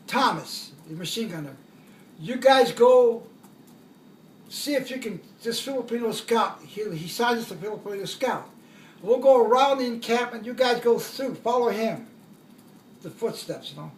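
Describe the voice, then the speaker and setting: A man's voice: extremely high pitch, expressive, moderate pace, pauses often, echoey room, distant mic. An older man, a war veteran, tells his stories in a rambling way, correcting himself as he goes and chuckling at his own jokes. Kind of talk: oral history storytelling.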